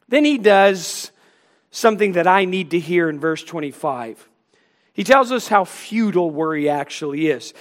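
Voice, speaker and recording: A man's voice: high-pitched, lively intonation, moderate pace. A man preaching a sermon, earnest and pleading, acting out questions and answers between Jesus and a disciple.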